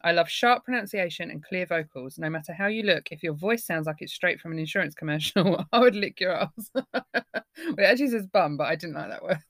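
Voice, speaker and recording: A woman's voice: lowish voice, animated, a little fast, a bit bright, no room sound, studio quality. Blunt, laughing Essex woman. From Essex, England. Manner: laughs often, blunt and jokey. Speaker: podcast co-host. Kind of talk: casual chat.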